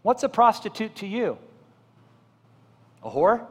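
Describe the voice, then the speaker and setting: A man preaching a sermon as pastor, moving between loud emphatic build-ups and soft, slow pleas, and asking his congregation direct questions. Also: high-pitched, sing-song, breathy edge, long reverb tail. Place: church sanctuary.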